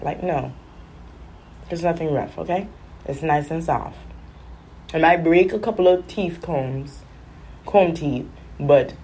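Animated woman telling stories. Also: sits low, poor audio. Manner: animated, chatty, acts out voices. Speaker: vlogger. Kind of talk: casual storytelling.

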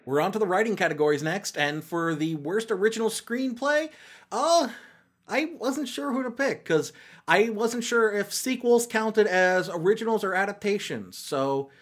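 A man's voice: high-pitched, lively intonation, moderate pace. A man hosting a casual comedic movie-review monologue, sarcastic and rambling with lots of fillers and restarts. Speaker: podcast host.

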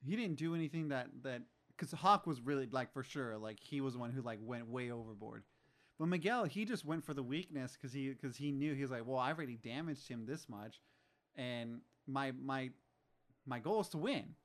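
A man's voice: medium pitch, expressive, moderate pace. A man in casual chat, reflecting on the show and often agreeing in short words. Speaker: podcast co-host.

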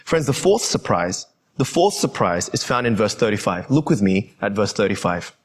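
A man's voice: on the low side, big pitch swings, moderate pace, slightly rough. A young adult man preaching a sermon, earnestly addressing his listeners as friends.

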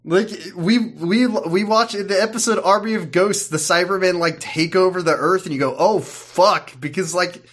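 A man with a somewhat high voice banters on a podcast. He sounds exasperated and jokey, mocking the plot and riffing on it. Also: moderate pace, few pauses, a bit bright. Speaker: podcast co-host. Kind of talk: casual banter.

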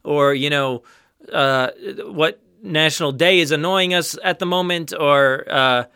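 A man's voice: a little high, a little slow, sharp tone, clean tone, no echo, studio quality. A man co-hosting a podcast in casual chat, rambling and joking with plenty of fillers. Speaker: podcast co-host.

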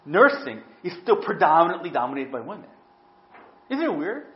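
With a voice on the high side and a moderate pace, a middle-aged man delivers a sermon as pastor. His storytelling is animated, peppered with "right?" tag questions, all captured in dull lo-fi sound.

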